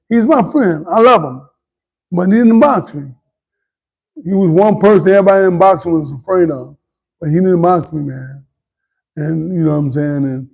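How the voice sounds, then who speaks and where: A man's voice: fairly high pitch, vocal fry, warm tone. A middle-aged man, a former boxer, telling candid stories in an interview, boastful and swearing freely. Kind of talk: storytelling interview.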